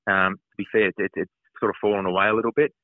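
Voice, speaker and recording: Low-voiced man on a tinny phone line. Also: level tone, fast, no room sound. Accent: Australian. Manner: hesitant, many fillers and restarts. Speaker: football club CEO guest. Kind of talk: phone interview answers. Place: phone call.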